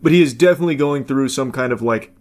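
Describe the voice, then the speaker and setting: A man's voice: medium pitch, quick pace. A man giving blunt, casual reaction commentary, talking loosely with plenty of fillers.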